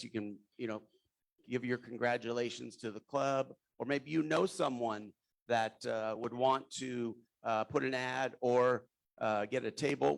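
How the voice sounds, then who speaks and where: Guy with a gravelly voice talking through sponsorships at a club meeting, kinda rambly. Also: medium pitch. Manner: rambling, loses his train of thought. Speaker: club member presenting sponsorships. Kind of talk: informal meeting announcement.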